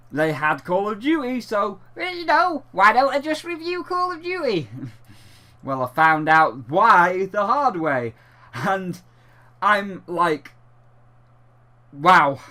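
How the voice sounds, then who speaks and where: A man's voice: high voice, pushed and bright. A man reviewing a video game in a sarcastic, exasperated way, with plenty of swearing.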